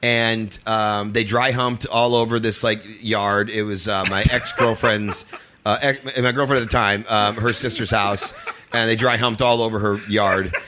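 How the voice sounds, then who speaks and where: A man's voice: on the low side, steady tone, unhurried, noisy background. A comedian telling casual, rambling stories, often laughing as he talks. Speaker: comedian guest. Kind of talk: casual storytelling.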